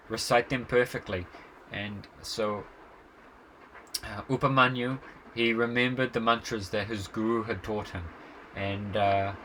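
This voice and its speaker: Bright-voiced male devotional storyteller. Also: medium pitch, a little hiss or hum, poor audio. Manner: relaxed, with frequent fillers and chuckles.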